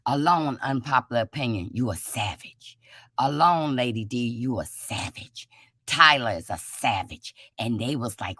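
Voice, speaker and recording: A woman's voice: a bass voice, lively intonation, moderate pace, pushed and bright, slightly rough, dry recording, clean studio sound. A woman speaking fervently as a guest on a live stream, repeating her points like testimony. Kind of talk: casual live-stream chat.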